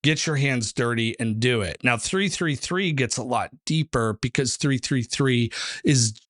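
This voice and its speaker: Animated man explaining with relaxed fillers. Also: medium pitch, unhurried. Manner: animated storyteller, acts out quotes, many fillers. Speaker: numerology author and teacher, guest. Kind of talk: casual interview conversation.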